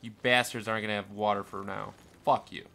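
Young man, gameplay commentary, gravelly, bright edge, cursing, panicky outbursts. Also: on the low side, steady tone, fairly quick. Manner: swings from mumbling to panicked yelling, swears constantly. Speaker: gameplay streamer. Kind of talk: casual let's-play commentary.

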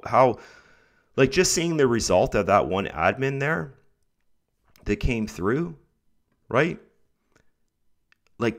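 A sick young man with a rough throat, chatting casually to his viewers as he talks them through his earnings online and keeps peppering his pep talk with "guys" and "right?". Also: mid-range voice. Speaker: online income vlogger. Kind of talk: casual talk to camera over screen recording.

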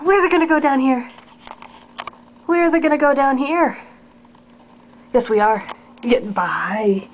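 A woman's voice: high voice, a little hiss or hum. Woman cooing baby talk at her cat. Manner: sing-song baby talk, coaxing, drops to soft whispers. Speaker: cat owner filming her pet. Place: house stairway, indoors. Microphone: handheld camera mic.

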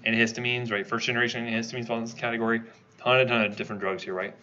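A man giving a conversational lecture, quizzing his class with quick questions as he teaches. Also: mid-range voice, level tone, sharp tone, dull audio, slight background noise. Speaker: toxicology lecturer.

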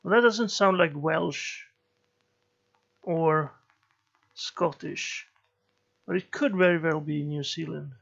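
A man giving slow let's play commentary, musing and thinking aloud as he plays. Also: a little high, creaky, fairly bright tone, dull audio. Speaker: gameplay commentator.

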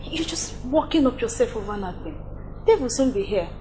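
A woman's voice: fairly high pitch, expressive, a little fast, warm tone, slight background noise, lightly acted. An actress with a Nigerian accent playing a bubbly, teasing young woman. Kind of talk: film drama acting. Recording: film audio with music score.

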